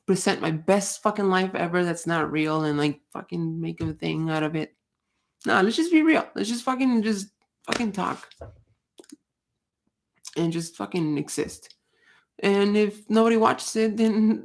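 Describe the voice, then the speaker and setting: A woman with a lowish voice talks at a moderate pace while hosting a casual, ranting livestream. She is blunt, curses a lot, and rambles, often starting over.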